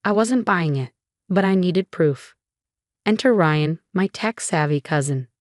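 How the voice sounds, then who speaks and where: A woman with a fairly low voice narrates a dramatic first-person story with expressive delivery. The recording is close and dry, with no room sound. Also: a little slow, no echo.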